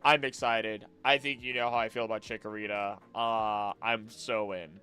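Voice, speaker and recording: A man's voice: lowish voice, steady tone, normal speed, pushed and bright, clean tone. A young man streaming late at night, chatting casually and thinking aloud, often restarting his sentences and drifting off topic. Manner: rambling, easily distracted, musing aloud with many restarts.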